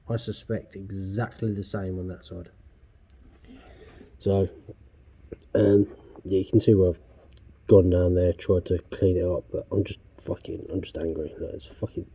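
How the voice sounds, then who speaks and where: A man's voice: low voice, steady tone, moderate pace, pauses often, warm tone, slight background noise. A man restoring a car in his workshop vlog, ranting angrily with heavy swearing. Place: garage workshop.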